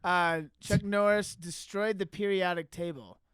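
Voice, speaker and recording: High, clear-voiced male podcast host. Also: steady tone, a bit bright, dry recording. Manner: jokey, upbeat, quick to laugh. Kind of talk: casual comedy podcast chat.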